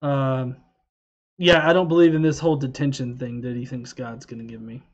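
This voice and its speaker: A man's voice: medium pitch, little pitch movement, moderate pace, lo-fi sound. Rambling, profane male livestream host. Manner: rambling, profane, frequent fillers and restarts. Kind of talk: casual livestream chat.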